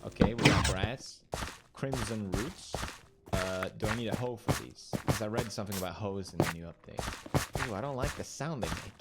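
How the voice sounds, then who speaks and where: A man's voice: lowish voice, moderate pace, very noisy. A young man streaming a game, giving playful, jokey commentary and talking to the characters on screen. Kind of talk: gameplay commentary.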